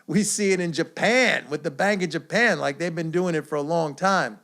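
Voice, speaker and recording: A man's voice: a little high, moderate pace, a bit bright. A man hosting his own economics commentary video, talking in a confident, emphatic, lecturing way. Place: away from usual studio.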